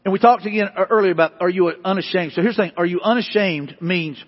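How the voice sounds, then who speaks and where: A man with a high, husky voice preaches from the pulpit, hammering home repeated questions and swelling into emphatic peaks. The sound is dull and lo-fi, with a long reverb tail from a church sanctuary. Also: fast, hardly any pauses. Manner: repetitive, emphatic preaching with rising bursts. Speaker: pastor. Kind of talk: sermon. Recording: dull lo-fi hall recording.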